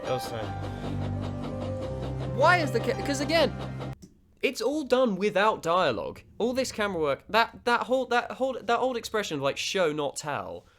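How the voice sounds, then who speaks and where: A man's voice: high voice, very animated, moderate pace, over music. A man hosting a reaction video, giving casual commentary that rambles, stammers and restarts.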